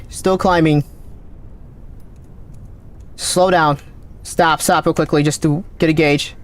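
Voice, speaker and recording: A gaming streamer with a high voice plays live, rapidly calling out numbers and readings in excited running commentary. He sounds thirsty, and his voice keeps cracking.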